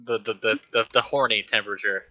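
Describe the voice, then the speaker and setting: Brief: a male player who jokes and rambles, bright tone, lowish pitch. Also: fairly even intonation, brisk, highs cut off, a little hiss or hum. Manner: joking, rambling. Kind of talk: tabletop role-play.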